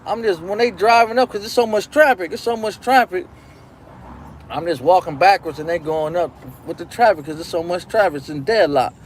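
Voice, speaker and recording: A man with a strikingly high voice hosts a live show and spins a long, crude anecdote in loose slang. He circles back on himself constantly and keeps asking "you know what I'm saying". A faint hiss of noise sits under his voice. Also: a little fast. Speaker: host. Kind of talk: live-stream storytelling.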